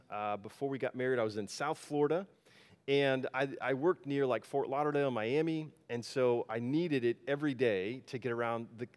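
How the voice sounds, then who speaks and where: A pastor telling a personal story in a casual, folksy sermon, with frequent fillers. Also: male voice, medium pitch, clean tone.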